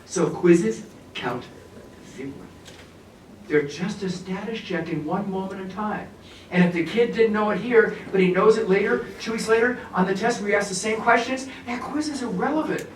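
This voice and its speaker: A man with a somewhat high voice presents a teacher workshop with lively humor, speaking to a room full of people. He sounds a bit far from the mic, and the room gives his words a strong echo. A faint hiss sits underneath. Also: normal speed. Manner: animated, humorous, addresses the audience. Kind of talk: professional development workshop talk. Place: conference room with an audience.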